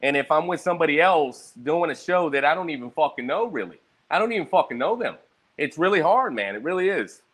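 A man's voice: on the high side, fairly quick. A young man rambling casually about his day, swearing freely and jumping between stories, a little hungover. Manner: profane, rambling, animated storytelling.

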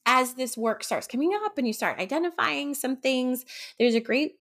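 A woman hosting her own podcast as a coach, talking in a gentle, reflective way with frequent ums. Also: high voice, normal speed. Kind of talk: casual solo podcast talk.

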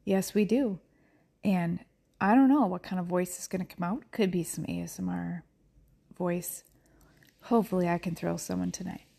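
A middle-aged woman podcaster chats at home in a loose, rambling way. Her voice carries heavy vocal fry and a mellow, husky tone. She laughs easily and drifts into soft whispers. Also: fairly low pitch, steady tone, moderate pace. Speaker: podcast host. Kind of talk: casual chat.

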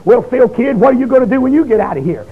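A man quoting a psychiatrist questioning a patient, in a quick offhand voice. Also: very high voice, expressive, slightly rough, full character voice. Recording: dull lo-fi recording.

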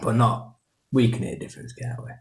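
A man's voice: medium pitch, fairly even intonation, fast talker, gravelly. A man with a Yorkshire accent co-hosting a podcast, chatting casually in jokey, rambling banter. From Yorkshire, England. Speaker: podcast co-host. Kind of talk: casual chat. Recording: echoey room.

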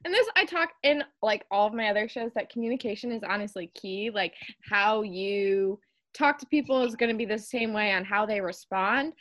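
A woman's voice: medium pitch, moderate pace, a bit bright. A young woman hosting a podcast, giving advice in a chatty casual way with lots of fillers. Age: young adult. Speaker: podcast host. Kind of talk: casual chat.

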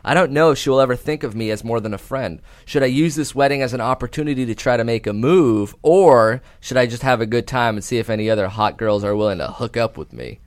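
A man's voice: mid-range voice, quick pace, few pauses, no room sound, clean studio sound. A man co-hosting a casual comedy podcast, laughing often and reading listener letters aloud in a playful way.

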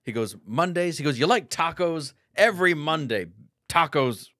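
Deadpan man telling crude jokes. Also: on the high side, normal speed, no room sound, studio quality. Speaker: podcast co-host.

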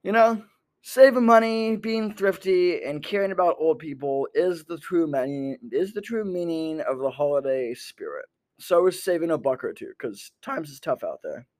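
A man's voice: a little high, lively intonation, moderate pace, mellow. Rambling sardonic young man. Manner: rambling, sardonic, with many fillers. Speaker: comedian podcaster. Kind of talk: rambling stand-up style monologue. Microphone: talking into a microphone.

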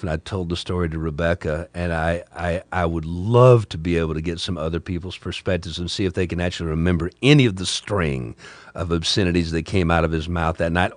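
A man's voice: sits low, dry recording. Rambling older man telling a story. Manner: rambling, repeats words, chuckles at own story. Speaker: podcast host, former talk radio. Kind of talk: casual storytelling monologue.

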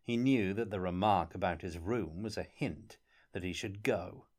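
Male audiobook narrator, lowish voice, measured and even delivery.

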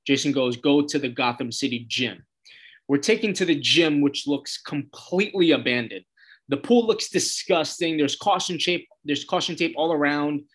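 A man's voice: a little high, normal speed, fairly bright tone, husky. Casual man retelling a TV episode. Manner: loose retelling of scenes, quoting characters with "he's like". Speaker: TV episode recapper. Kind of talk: casual spoken episode recap.

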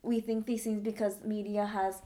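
A woman's voice: mid-range voice, level tone, normal speed, warm tone. A young adult woman talking in a candid, emphatic way in a casual chat.

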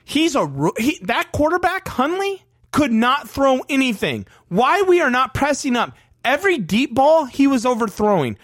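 Animated man ranting about football. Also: sits high, normal speed, no room sound, clean studio sound. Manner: heated, profane, animated ranting. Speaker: podcast co-host. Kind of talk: casual sports podcast chat.

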